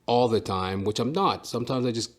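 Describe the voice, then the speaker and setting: A man's voice: medium pitch, brisk. A man hosting his own podcast, talking alone in a rambling, profane way with many fillers and asides. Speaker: podcast host and stand-up comedian. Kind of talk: casual solo monologue.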